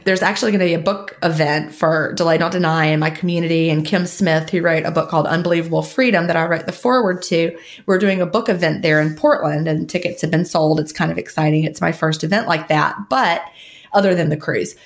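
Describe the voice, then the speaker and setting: A woman's voice: sits low, steady tone, brisk. A woman co-hosting a podcast in casual chat, rambling and laughing often as she talks. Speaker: podcast co-host.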